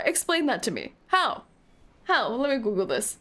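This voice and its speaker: A woman's voice: fairly high pitch, big pitch swings, moderate pace, pushed and bright. A woman streamer commenting on a game playthrough, giggling and squealing in mock despair while reading the game text aloud.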